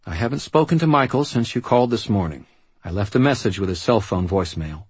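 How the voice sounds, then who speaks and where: A man's voice: on the low side, animated, fast, breathy edge, dry recording, voice pushed up. A man voicing a stern, commanding mother. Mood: clipped. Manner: curt, ordering, clipped. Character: stern, brisk mother, tall and commanding woman.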